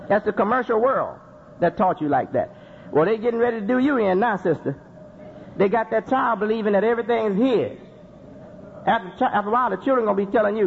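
Guy giving a sermon, kinda high voice, keeps repeating lines, dull lo-fi tape w faint hiss. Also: very animated, brisk, gravelly, long pauses. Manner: rhetorical questions and emphatic repetition. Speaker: Muslim preacher. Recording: dull lo-fi recording with faint noise.

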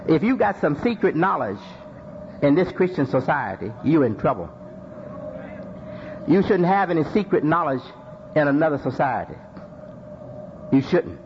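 A man preaching a sermon, repeating phrases for emphasis and asking rhetorical questions. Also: a little high. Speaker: Muslim preacher. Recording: dull lo-fi recording with faint noise.

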